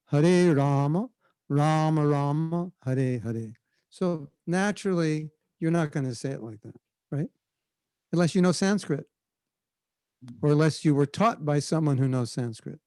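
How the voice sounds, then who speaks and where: Relaxed male spiritual teacher, conversational storyteller, slightly raised pitch, dry close mic. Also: dry recording. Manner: relaxed, conversational, demonstrates chanting. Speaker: spiritual teacher answering questions. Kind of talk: storytelling Q&A on a video call. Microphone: video call.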